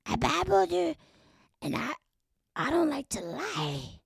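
A woman doing an impression of a mumbling, gravelly-voiced woman who babbles and keeps saying she can't lie. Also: sits high, huge pitch swings, no echo, studio quality, voice pushed up, full character voice. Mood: bewildered drawl. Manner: mumbling, halting, confused.

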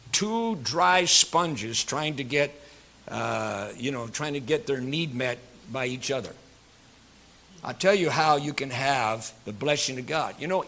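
A male pastor delivers a sermon in a church, his voice high and ringing with a bright, forceful edge. He preaches in an animated, folksy way, full of fillers and jokes, and talks to his congregation.

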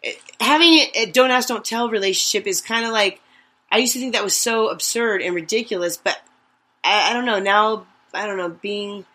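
Podcast cohost chatting, giggly, lots of gasps, bright voice. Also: mid-range voice, normal speed. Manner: giggly, reacts with gasps and laughs. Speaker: podcast co-host. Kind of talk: casual chat.

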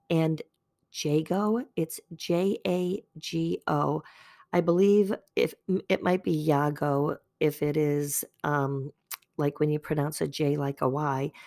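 Slow, gravelly older woman podcaster. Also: fairly low pitch. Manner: calm, chatty, self-deprecating. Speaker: podcast host. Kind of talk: gentle faith podcast talk.

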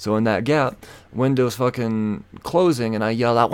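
A man's voice: mid-range voice, normal speed, clean tone, no room sound. A man hosting a podcast, telling a story in a casual, profane, exasperated rant. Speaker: podcast host.

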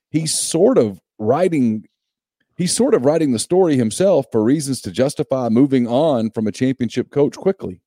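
Guy weighing in on football, warm mellow voice, dry sound, steady and emphatic. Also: mid-range voice, no echo. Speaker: sports co-host. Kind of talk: casual sports talk.

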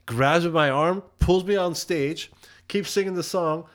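A man from Belgium, a musician guest on a podcast, telling stories in an animated, profane, casual way. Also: fairly high pitch, unhurried. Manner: animated, profane, heated when retelling. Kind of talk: casual storytelling chat.

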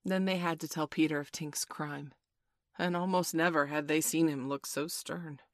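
A woman with a low voice narrates a classic storybook in a measured, gently expressive reading. Her voice is dry and close to the mic, with no room sound. She lets the sentences unfold at an even storyteller's pace. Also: no echo. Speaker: audiobook narrator.

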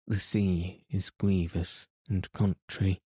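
A man's voice: deep voice, flat delivery, takes it slowly, mellow, slightly rough, no room sound, full character voice. A man reading the lines of an earnest, loyal young squire who speaks in archaic, respectful phrases in an audiobook.

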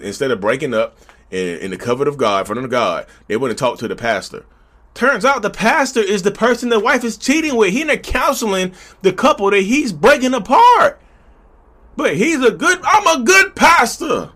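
A man's voice: on the high side, fairly bright tone. A man vlogging in a casual, preachy way, speaking straight to his viewers. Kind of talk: casual commentary to camera.

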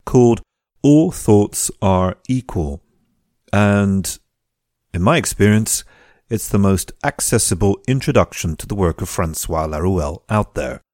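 A man with a fairly low voice hosts his podcast and introduces the episode, dropping wry jokes along the way. The sound is dry and close, with no room echo. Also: darkish tone. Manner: wry, jokey asides. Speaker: podcast host.

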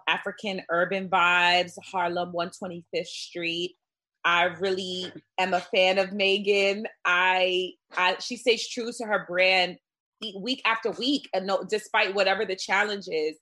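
A woman speaking as a panelist in a casual chat, relaxed, with many fillers. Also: medium pitch, unhurried.

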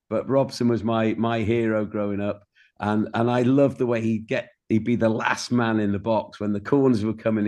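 A middle-aged man, a guest in an interview, telling stories in a warm way and often repeating words as he starts a sentence. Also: fairly low pitch. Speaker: guest, singer-songwriter. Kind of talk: candid interview chat.

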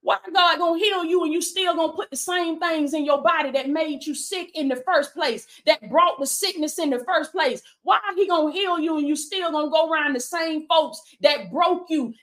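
A woman with a high-pitched voice preaches with rising fervor in a Black church cadence. She drives each point home with repeated calls of "come on now" and "baby," speaking straight to her livestream audience. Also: normal speed, few pauses, a bit bright. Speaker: life coach and preacher.

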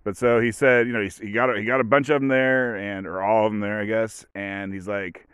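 A man talks through a casual solo podcast in a rambling, offhand way, full of fillers and dry joking asides. His voice sits fairly low and sounds smooth and clear. The sound is dry and close, with no room echo. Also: steady tone, fairly quick, hardly any pauses, a bit bright. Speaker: podcast host.

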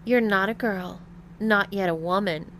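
A woman doing a husky, taunting female bully. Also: fairly high pitch, lively intonation, unhurried, a bit bright, a little hiss or hum. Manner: mocking, teasing.

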